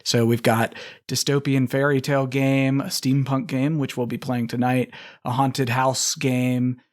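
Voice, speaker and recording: A man talking about his tabletop game on a podcast in a friendly, relaxed way. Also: mid-range voice, unhurried. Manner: friendly, relaxed, mildly dramatic when reading. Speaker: podcast guest and game designer. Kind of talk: casual chat and reading an intro aloud.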